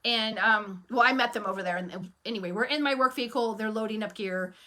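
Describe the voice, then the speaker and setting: She talks at a quick pace in a slightly high voice, speaking casually to camera. Coaching on how to run a cleaning business, she's frank and firm, telling stories with animation and acting out lines of dialogue.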